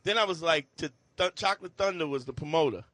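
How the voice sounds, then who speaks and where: A middle-aged man co-hosting a podcast, telling a loud, profane story and acting out the voices in it. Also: fairly high pitch, fast talker, dry recording. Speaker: podcast co-host. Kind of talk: casual storytelling chat.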